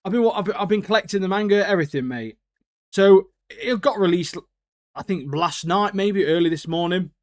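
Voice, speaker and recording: Man, podcast co-host, slangy and excitable, voice sits on the high side. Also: moderate pace. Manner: laughs often, slangy and excitable. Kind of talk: casual chat.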